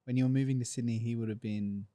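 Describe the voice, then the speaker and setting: A man's voice: mid-range voice, steady tone, fast talker, mellow. A man co-hosting a casual chat who chimes in with short remarks and light jokes. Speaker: podcast co-host.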